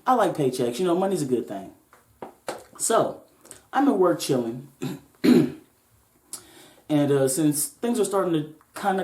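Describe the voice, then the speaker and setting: A woman's voice: on the low side, sing-song, normal speed, long pauses, dark tone, a little hiss or hum. A woman hosting a podcast, telling a story in a laid-back, profane way with joking asides, in a roomy-sounding recording. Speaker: podcast host. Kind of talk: casual storytelling. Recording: roomy echo.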